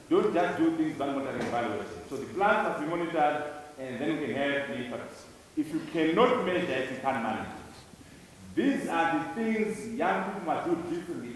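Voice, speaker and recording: A man's voice: a little high, a little hiss or hum. A man from Zimbabwe giving an emphatic conference speech to students, hammering key words through repetition. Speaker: conference speaker. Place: large lecture hall. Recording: echoey hall, speaker far from mic.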